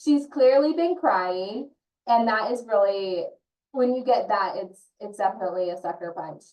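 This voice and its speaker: A woman who works as an early childhood consultant speaks earnestly and personally, as a parent, in an online training session. Her mid-range voice has a darkish tone and normal speed, and a distant mic gives the recording a roomy echo.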